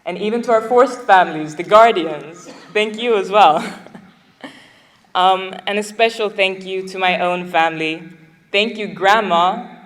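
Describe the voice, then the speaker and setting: A woman's voice: mid-range voice, measured pace. Young woman, graduation speech, heartfelt, a little emotional, podium mic, long hall reverb. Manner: heartfelt, with light laughs between thanks. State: getting emotional. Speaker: graduating student giving a speech.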